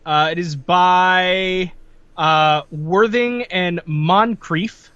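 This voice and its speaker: A man with a high, bright voice co-hosting a casual gaming podcast in a playful, joking way. The sound is dry and close, with faint music underneath. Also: extremely slow, clean tone, dry recording, muffled recording. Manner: playful, slips into old-timey put-on voices. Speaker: podcast co-host.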